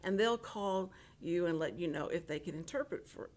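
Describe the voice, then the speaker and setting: A woman's voice: fairly low pitch, normal speed. An older woman, hosting a casual radio interview and telling chatty stories full of restarts. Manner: chatty, animated storyteller with many restarts. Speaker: radio host.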